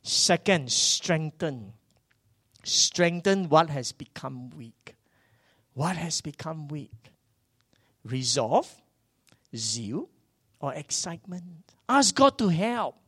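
A man, preaching a sermon that swings from loud bursts to hushed asides. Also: fairly high pitch, big pitch swings, slow, long pauses, slightly rough, no room sound, studio quality. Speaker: pastor.

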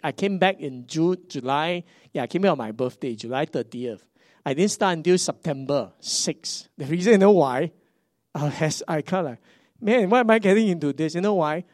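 A middle-aged man with a Singaporean English accent, preaching a sermon as a pastor, animated and swinging between hushed and emphatic. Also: on the high side, no echo, clean studio sound.

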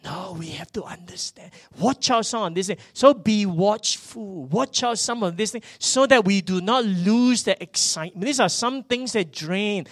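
A man, preaching a sermon that swings from loud bursts to hushed asides. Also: high voice, moderate pace, few pauses, no room sound, clean studio sound. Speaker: pastor.

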